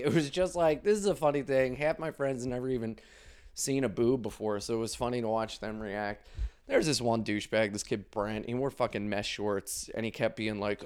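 A young man, a comedian, telling stories in a loose, profane monologue, laughing often and swinging his pitch widely. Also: brisk, clear, resonant tone. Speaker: comedian podcast host. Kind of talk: casual storytelling monologue.

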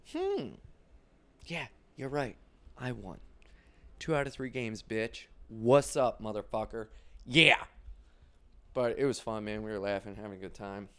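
A man's voice: mid-range voice, fairly bright tone, clear, resonant tone. A man, a comedian, telling rambling stories in a casual monologue, swearing a lot and acting out quotes. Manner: profane, rambling, quick bursts, acts out quotes. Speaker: stand-up comedian.

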